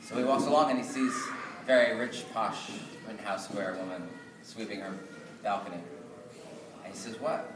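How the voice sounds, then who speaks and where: A male storyteller telling a folk tale aloud at a live synagogue gathering, lively and rhythmic with repeated phrases. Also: on the low side, moderate pace. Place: synagogue event. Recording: echoey hall from far off, noisy.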